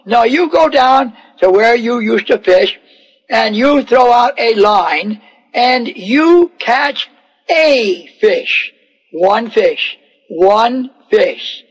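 A patient teacher who calmly reassures his worried follower, as a preacher voices him. The voice is very high and unhurried. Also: husky, exaggerated voice, poor audio. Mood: reassuring. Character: calm patient male teacher, the Lord.

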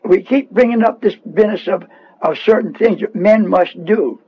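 Husky high-voiced fervent radio preacher man. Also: moderate pace, lo-fi sound. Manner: fervent, repetitive, scolding. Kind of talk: radio sermon.

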